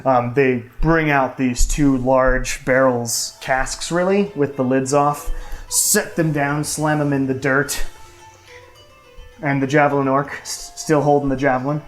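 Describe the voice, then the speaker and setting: Man, game master, relaxed narration, plenty of fillers, mid pitch, faint music in the background. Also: a little slow, low-quality recording. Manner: relaxed, loose, many fillers.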